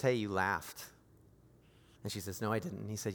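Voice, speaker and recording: A man preaching a sermon as pastor, moving from quiet, intimate lines to raised, emphatic appeals. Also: mid-range voice, animated, normal speed, pauses often, big-room sound.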